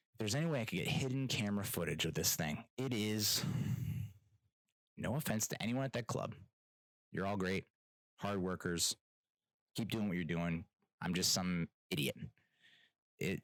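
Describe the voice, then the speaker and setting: A man's voice: deep voice, a bit bright, dry recording, poor audio. A man hosting his own podcast, telling rambling, self-mocking stories in casual solo chat. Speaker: podcast host.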